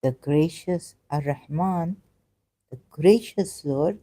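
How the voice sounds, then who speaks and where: Woman, low voice, mellow tone, halting and emotional. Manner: emotional, searching aloud, halting with fillers. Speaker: ex-Muslim commentator. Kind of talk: casual commentary reading scripture.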